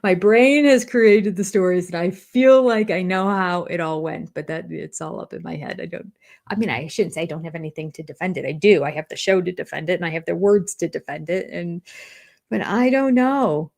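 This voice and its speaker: A woman's voice: lowish voice, fairly quick, gravelly, darkish tone. An older woman hosting a live chat about reality TV, talking casually and sarcastically and laughing often. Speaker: reality TV review host. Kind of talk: live-stream chat with viewers.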